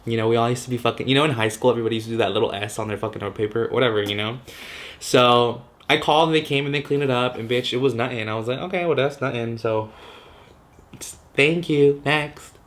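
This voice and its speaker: A man's voice: medium pitch, fast talker, fairly bright tone. A man in his twenties from Southern California, telling a casual storytime vlog. He swears constantly, leans on "like," drops in Spanish words and acts out his own reactions. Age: 20s. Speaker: vlogger.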